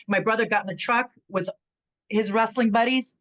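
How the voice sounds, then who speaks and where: A woman's voice: mid-range voice, normal speed, low-quality recording. A middle-aged woman from California, a former pro wrestler telling stories in a casual interview, acting out quotes with plenty of fillers. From San Bernardino, California. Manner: animated storytelling, acts out quotes, frequent fillers.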